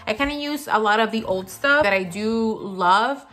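A woman beauty vlogger chatting casually while she does her makeup, rambling with lots of fillers, her voice low from the morning. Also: normal speed, sharp tone, faint music behind. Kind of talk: casual get-ready-with-me chat. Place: home, seated at a filming setup.

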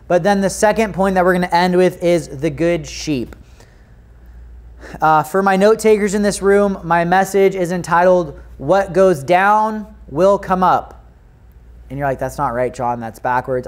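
An American man with a light, high-pitched voice delivers a Sunday sermon in a church. He reads scripture and prays, then talks to his congregation in an earnest, chatty way. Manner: earnest, conversational preaching with prayer and scripture reading. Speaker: pastor. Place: church sanctuary.

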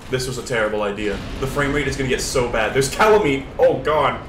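A young man streaming a video game, chatting casually and excitably with swearing, sudden shouts and laughter. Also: mid-range voice, fast, echoey room, background noise. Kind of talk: casual gameplay commentary. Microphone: older lower-quality desk mic.

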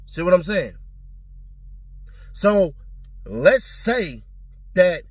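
A man's voice: fairly high pitch, husky, dry recording. A man giving blunt, slangy, profane commentary in a casual talking style.

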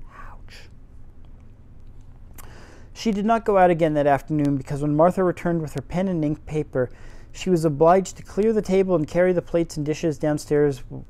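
Tipsy amateur narrator, mellow voice, deadpan swearing asides. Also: medium pitch, fairly quick. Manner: wry, profane asides. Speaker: audiobook reader. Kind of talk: casual amateur reading aloud with asides.

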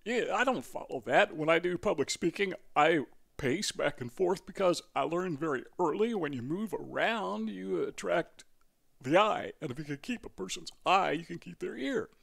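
Casting: older Midwestern guy, slightly high, gravelly voice, casual rambling vlog monologue. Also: expressive, moderate pace, a bit bright. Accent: Midwestern American. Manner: rambling, conversational, self-correcting with many fillers. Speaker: vlogger. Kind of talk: casual talking-head monologue.

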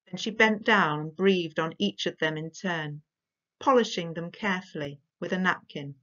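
Woman reading a storybook aloud. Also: fairly low pitch. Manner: measured, expressive. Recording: dull lo-fi recording.

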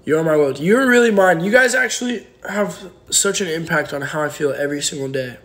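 A man's voice: on the high side, animated, brisk, fairly bright tone. A young man hosting a casual livestream from home on his phone, reading viewer comments and rambling through jokes and teasing. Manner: joking, rambling, playfully teasing. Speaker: livestream host. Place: home, indoors.

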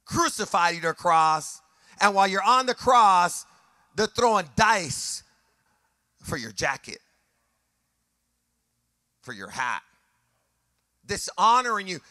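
A male pastor delivers an impassioned sermon in a high, bright, ringing voice. He repeats phrases for emphasis and lifts his lines into a sung, rhythmic preaching cadence. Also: very animated, takes it slowly, pauses often, no room sound, clean studio sound.

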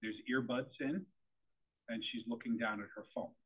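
A man's voice: medium pitch, steady tone, normal speed, slightly rough. Man presenting to parents over tinny audio. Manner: conversational, repeats words when starting sentences. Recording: tinny phone-like audio of a room talk.

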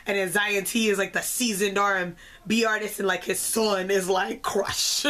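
A young woman vlogger giving an excitable, chatty concert review, full of "like". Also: medium pitch. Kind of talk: casual concert review vlog.

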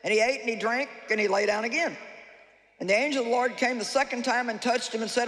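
A woman preacher giving a lively, humorous sermon to a live audience, reading scripture and acting out the people she talks about. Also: fairly high pitch, quick pace. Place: large hall with a live audience. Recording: echoey hall, faint ambience.

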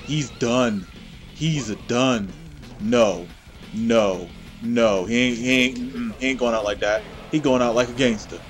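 A man hosting his own gameplay channel, giving excitable, trash-talking play-by-play commentary. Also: mid-range voice, unhurried, faint music behind.

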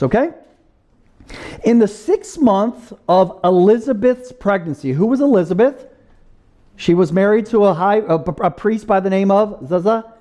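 A man's voice: high voice, mellow. A man preaching a sermon to a congregation, talking casually with asides and asking the listeners to answer back. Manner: interactive, asks the congregation to answer and fill in. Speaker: pastor. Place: church service.

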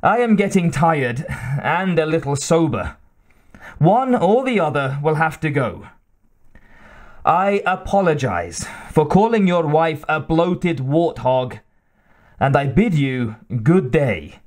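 A man's voice: on the high side, very animated, takes it slowly. A man voicing a drunken, cheeky young swordsman in an audiobook, blustering and slurred. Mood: weary pleading.

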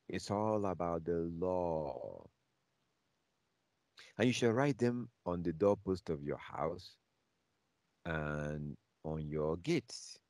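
A man teaching a bible class, emphatic and repetitive, reading scripture aloud slowly and repeating key phrases again and again. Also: low voice, a little mellow, no echo.

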